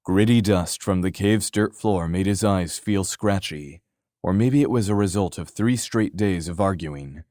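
A man narrating a fantasy audiobook in a steady, even storytelling manner. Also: deep voice, unhurried, no room sound, studio quality. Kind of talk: scripted narration.

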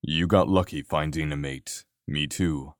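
A man voicing a gruff male bear-shifter clan leader who speaks low and bluntly in an audiobook. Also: fairly even intonation, unhurried, dry recording, studio quality. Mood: grim.

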